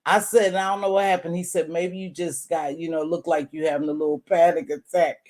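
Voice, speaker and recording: A middle-aged woman hosting a live chat, telling a story in a casual, animated way, laughing and swinging from loud to soft. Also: fairly low pitch, brisk. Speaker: livestream host.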